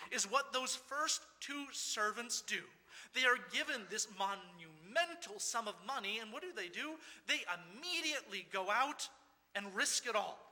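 A man's voice: sits high, pushed and bright. A man preaching a sermon as pastor, earnest and rhetorical, repeating phrases and asking questions of his listeners. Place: church. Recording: long reverb of a church hall.

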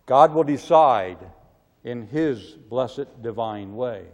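A man preaching a sermon with emphatic delivery, his voice swelling loud and falling low. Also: animated, slow pace, muffled recording. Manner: emphatic, rising to loud cries on quoted prayers, then dropping low. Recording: long reverb of a large hall.

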